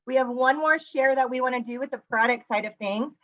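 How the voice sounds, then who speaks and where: A woman's voice: sits high, brisk, fairly bright tone, lo-fi sound. A woman hosting a group video call, effusive and encouraging as she introduces guests.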